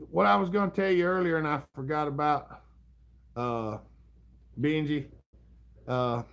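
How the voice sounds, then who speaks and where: A middle-aged man with a Southern US accent, hosting a casual livestream and chatting in a drawling, chuckling, folksy way. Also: on the high side. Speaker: livestream host. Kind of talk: casual live chat reading comments.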